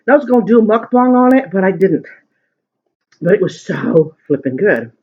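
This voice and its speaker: A mukbang vlogger eats on camera at his dinner table at home, casually rambling through a long story. His high voice is a little mellow, swings widely in pitch, and moves at a normal speed. The sound is muffled and lo-fi.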